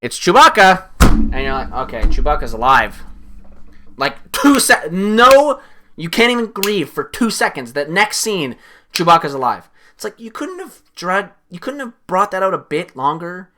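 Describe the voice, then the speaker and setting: A man giving a rambling, swear-filled casual recap of a film he just watched, his voice jumping up when excited. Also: a little high, normal speed, slight background noise. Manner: animated, voice jumps up when excited. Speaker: streamer.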